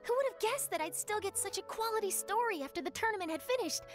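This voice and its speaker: Bright young girl reporter. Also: very high voice, expressive. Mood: upbeat. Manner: brisk, friendly, newsy. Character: upbeat young female news reporter. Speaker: journalist. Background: game music.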